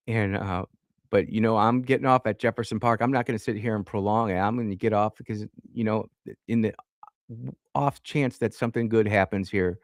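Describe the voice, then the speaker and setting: On a radio show, a man with a lowish voice tells a rambling personal story, often restarting mid-sentence and chuckling along the way. The studio-quality recording has no echo.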